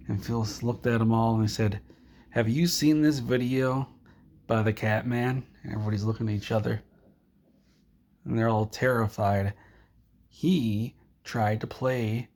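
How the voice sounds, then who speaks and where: A man vlogger telling a rambling comic tall tale to the camera in a deadpan way, with a gravelly voice. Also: mid-range voice.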